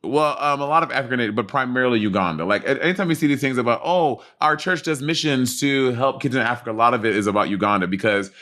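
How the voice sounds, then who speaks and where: A man's voice: mid-range voice, fast talker, few pauses, bright, forceful tone. A man co-hosting a podcast, explaining things earnestly and at length in casual chat. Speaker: podcast co-host.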